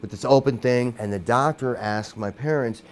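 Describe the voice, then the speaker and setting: A middle-aged man recounting a childhood memory in an interview, swearing constantly, his voice surging loud and then dropping low. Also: normal speed, a little hiss or hum. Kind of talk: emotional storytelling.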